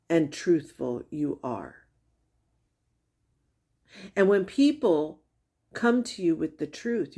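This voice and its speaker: A woman's voice: low voice, a little mellow. A woman giving critical commentary over clips, blunt and accusing, with pointed repeated questions. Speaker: commentary creator.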